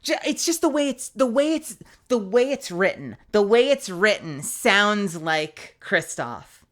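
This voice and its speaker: Woman streamer, unhurried lively delivery, game music behind. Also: medium pitch. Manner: expressive, chatty, thinking aloud. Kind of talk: live let's-play commentary.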